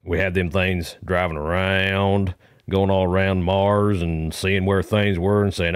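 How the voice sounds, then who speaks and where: A man's voice: sits low, flat delivery, unhurried, smooth, dry recording, clean studio sound. A man calling in to a comedy podcast, telling a meandering story in a folksy manner with rural grammar. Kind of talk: rambling comic monologue.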